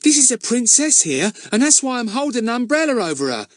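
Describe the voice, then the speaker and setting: A man puts on a high, jittery boyish voice for Ern, an earnest lad who talks in an eager, pleading rush. The pitch swings wildly from line to line, and the sound is dry and close. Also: big pitch swings, fairly quick, no echo. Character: boy Ern, anxious, earnest, eager to please.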